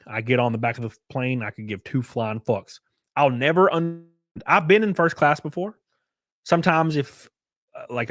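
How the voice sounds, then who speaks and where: Man streamer, lively swooping pitch, dry close mic, casual profane rant, mocking quoted voices. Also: no echo. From United States. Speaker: streamer host. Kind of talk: casual livestream chat.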